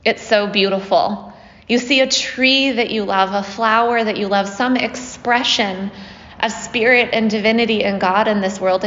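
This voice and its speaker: A woman retells a myth to a group in a relaxed, conversational way, checking in with her listeners as she goes. Her voice sits at an ordinary pitch for a woman. A long hall reverb trails her words on a slightly muffled, lo-fi recording. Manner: conversational, often asks "right?" with fillers. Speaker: storyteller teaching a group. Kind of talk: casual spoken retelling of a myth.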